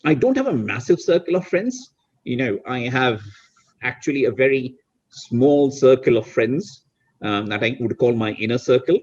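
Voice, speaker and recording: Husky-voiced man chatting reflectively. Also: mid-range voice, expressive, moderate pace, a little mellow, highs cut off. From India. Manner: reflective, many restarts and "you know". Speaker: guest. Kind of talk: casual interview chat.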